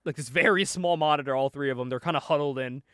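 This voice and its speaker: A man's voice: fairly high pitch, fast talker, a bit bright, clean tone, no echo, studio quality. A man casually recapping a comic book, joking, swearing and laughing often as he goes. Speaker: podcast host reviewing a comic.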